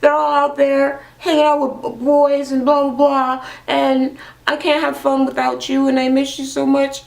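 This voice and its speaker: A woman's voice: high voice, level tone, moderate pace, vocal fry, echoey room, voice pushed up, poor audio. A woman voicing a whiny, homesick young woman who misses her twin sister.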